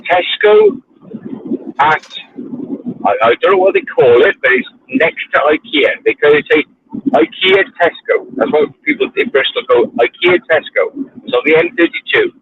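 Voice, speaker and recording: A man's voice: fairly high pitch, wildly swooping pitch, moderate pace. Ranting sweary man on a tinny phone line. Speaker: livestream host. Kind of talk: casual ranting chat. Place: in his car, driving.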